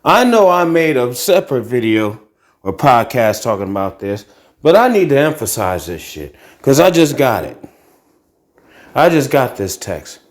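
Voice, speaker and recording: In a casual monologue vlog, an Akron, Ohio, podcast host in middle age rants profanely and without holding back as he moves from a carpeted living room into a tiled kitchen. He speaks at medium pitch and a moderate pace, sounding very animated.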